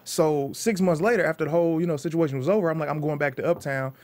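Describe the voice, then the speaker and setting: A man's voice: a little high, fast, darkish tone. A man in his twenties from Detroit, a comedian telling stories in a casual interview and acting out the voices of the people in them. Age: 20s. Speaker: comedian guest.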